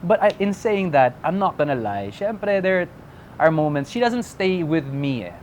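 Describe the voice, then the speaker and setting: A young man, an interview guest, talking candidly and relaxed, switching between English and Filipino. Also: on the high side, moderate pace, a little hiss or hum. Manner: relaxed, mixes English and Filipino, acts out quoted voices.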